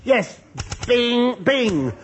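A man's voice: very high voice, sing-song, drawn-out words. An older British-style male comedian giving a camp, innuendo-laden comic monologue, mock-flustered. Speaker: stand-up comedian. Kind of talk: comic monologue with sketch dialogue. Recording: live audience recording with noise. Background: audience laughter.

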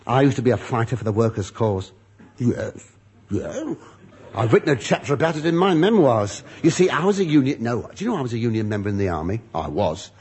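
Camp older male comedian, lively. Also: mid-range voice, fairly quick, husky. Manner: camp, innuendo-laden, mock-flustered. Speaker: stand-up comedian. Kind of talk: comic monologue with sketch dialogue. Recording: live audience recording with noise. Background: audience laughter.

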